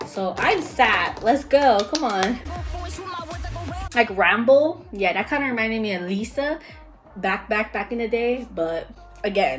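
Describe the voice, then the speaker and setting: A woman in her twenties reacting to music, emotional and swearing constantly. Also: mid-range voice. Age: 20s. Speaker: reaction youtuber. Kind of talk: casual reaction chat with singing along. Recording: music playing loudly behind.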